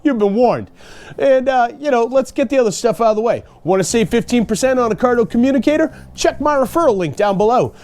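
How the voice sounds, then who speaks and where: A man ranting sarcastically in a casual motorcycle vlog, animated and laughing as he mocks other riders. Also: very high-pitched, fairly quick. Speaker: motorcycle vlogger.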